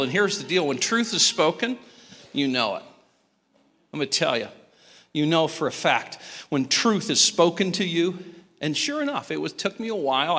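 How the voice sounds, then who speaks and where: A high-voiced, bright man in his fifties preaching a sermon with a lively, rising and falling delivery. He tells stories with a joking touch and sudden leaps in pitch. His voice rings out with a long echo from a large hall. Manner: animated, joking storyteller with sudden pitch jumps. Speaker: pastor.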